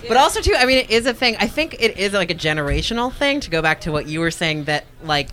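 A woman in casual chat giving opinions in a fast, playful way. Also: on the low side, very animated, fairly bright tone.

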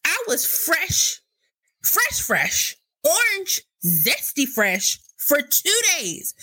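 A woman telling a comic personal story in casual, animated speech, stretching words for emphasis. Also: on the high side, rough recording. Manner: animated, drawn-out emphatic delivery.

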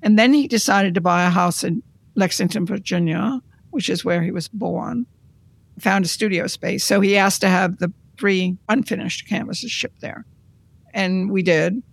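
An art conservator recounting their career in an interview, in a measured, reflective storytelling manner. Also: mid-range voice, vocal fry, dry recording.

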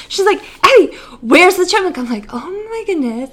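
A young woman co-hosting a casual chat, telling a story with lots of laughter. Her voice sits high and bright. She jumps into exaggerated voices whenever she quotes someone. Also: moderate pace. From Great Lakes region, USA. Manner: animated, laughing, acts out quotes with big jumps in pitch. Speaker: podcast co-host.

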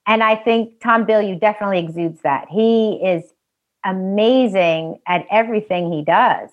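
A woman with a New York accent, a health specialist guest on a casual podcast interview, giving brisk, emphatic advice. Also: mid-range voice, dull audio.

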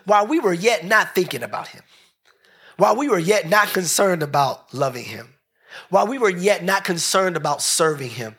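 Husky-voiced man preaching a lively sermon. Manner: animated, conversational preaching with wide swings in pitch and pace. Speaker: pastor. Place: church service.

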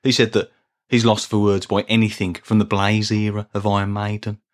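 A man with a Birmingham accent hosting a podcast, talking in a dry, deadpan way in a scripted monologue. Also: on the low side, a little fast. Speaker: podcast host.

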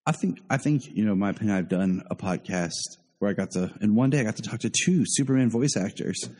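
A man's voice: fairly low pitch, animated, quick pace, darkish tone, long reverb tail. A man hosting a podcast in casual chat, sharing opinions and thinking aloud with small repeats. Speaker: podcast host.

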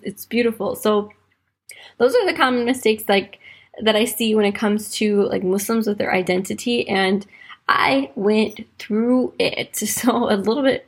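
A woman hosts a casual faith podcast with a husky, slightly breathy voice. She talks chatty and loose, peppering her sentences with "like", and slows down to let important points land. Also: medium pitch. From United States, raised in Wisconsin. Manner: chatty, fills speech with "like", slows to stress points. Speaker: podcast host. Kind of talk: casual faith reflection and storytelling.

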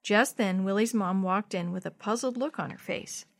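A woman's voice: medium pitch, moderate pace. A woman reading a children's chapter book aloud in a scripted narration, lifting her voice for the dialogue. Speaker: storybook reader.

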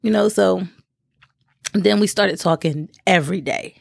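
A woman in her thirties spins a casual storytime, full of slang and sudden high-pitched jumps when she acts out what people said. Her voice has a gravelly fry to it, recorded close and dry with no room sound. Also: a little slow, no echo. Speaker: vlogger.

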